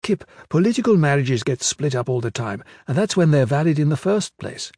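A man's voice: fairly high pitch, sing-song, fairly quick, a little mellow, no room sound, clean studio sound, pitched above the performer's own voice. A man voicing a young newlywed woman who is earnest and defensive in an audiobook reading. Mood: bitter.

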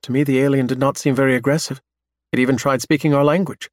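A man's voice: medium pitch, steady tone, quick pace, no echo, lightly acted. A man voicing a confused, cautious young woman who questions carefully, in a dry recording. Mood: hesitant. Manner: hesitant, questioning.

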